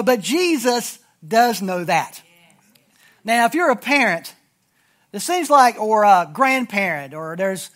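A man's voice: sits high, fairly bright tone. A middle-aged man preaching a sermon in a conversational, humorous storytelling style to his congregation. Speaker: pastor.

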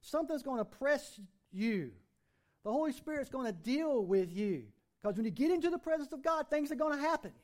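A man's voice: extremely high pitch, sing-song, a little fast. A middle-aged man preaching a sermon as pastor, folksy and conversational, with plenty of rhetorical questions.

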